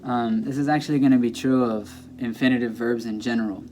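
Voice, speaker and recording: Male teacher, warm low-key tone, patient, casual explainer. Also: steady tone, slight background noise. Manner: patient, repeats words slowly for emphasis, checks in with "okay?". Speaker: Spanish teacher.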